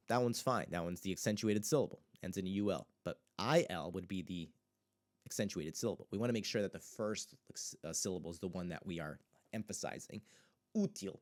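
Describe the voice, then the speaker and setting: A man teaching a casual language lesson, explaining in a relaxed way with fillers and saying example words slowly several times over. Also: on the low side.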